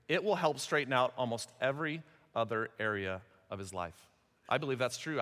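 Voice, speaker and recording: A man's voice: a little high, pushed and bright. A middle-aged man preaching a sermon in a conversational, joking way, putting rhetorical questions to the congregation. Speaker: pastor. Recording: long hall reverb.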